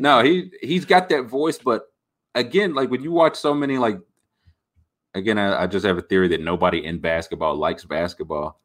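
A man hosting a podcast, rambling about sports in an animated, jokey way. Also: lowish voice, normal speed. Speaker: podcast host. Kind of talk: casual sports talk.

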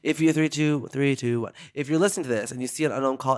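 A man hosting a casual phone-call vlog with a lively, swooping delivery. He plays everything up dramatically and teases callers, with plenty of swearing. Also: medium pitch, quick pace, few pauses. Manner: dramatic, playful, swears freely. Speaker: host calling fans back.

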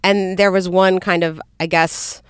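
A woman's voice: lowish voice, flat delivery, measured pace, clear, resonant tone, dry recording, clean studio sound. A woman guest on a podcast, chatting casually and laughing often as she tells stories.

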